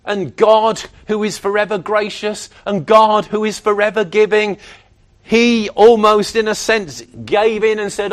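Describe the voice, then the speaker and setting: Preacher with a very high voice for a man. He delivers a sermon with emphatic, animated energy, slipping into other people's voices to make a point. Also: measured pace.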